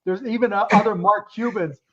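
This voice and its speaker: A candid man in his fifties answers interview questions with frank, profanity-laced stories. His voice sits notably high for a man. The recording is dull and lo-fi. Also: brisk, bright, forceful tone. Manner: blunt, candid, swears freely. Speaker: guest entrepreneur. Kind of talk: casual interview storytelling. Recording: dull lo-fi sound.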